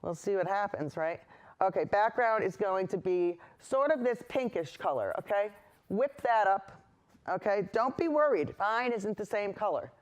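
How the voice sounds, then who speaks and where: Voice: mid-range voice, lively intonation, normal speed. A painting instructor hosting a chatty on-camera lesson indoors, reassuring viewers and drifting into rambling personal asides between steps.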